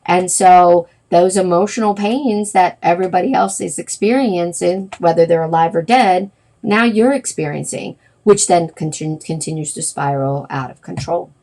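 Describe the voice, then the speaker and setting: A woman's voice: fairly low pitch, normal speed, warm tone. A middle-aged woman hosting a wellness livestream, talking casually and rambling, with many fillers and self-corrections.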